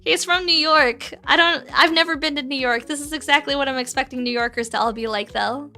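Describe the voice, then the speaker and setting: A playful, giggly woman chats on a livestream while she puts together a model kit. Her voice is very high and bright. Faint music plays behind her. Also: fairly quick, hardly any pauses. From Canada. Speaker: streamer.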